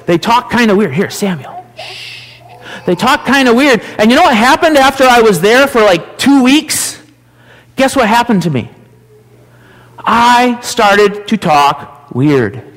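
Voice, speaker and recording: A man with an Upper Midwest American accent, leading a children's message in church and gently asking the kids playful questions. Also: high-pitched. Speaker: pastor giving a children's message. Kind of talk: children's sermon. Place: church sanctuary. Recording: long church hall reverb.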